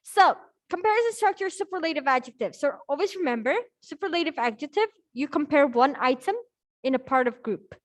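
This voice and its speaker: This upbeat woman has a high, expressive voice and talks a little quickly while leading an English grammar class by video call. She checks in with her students often, tossing out "okay?" and "all right?"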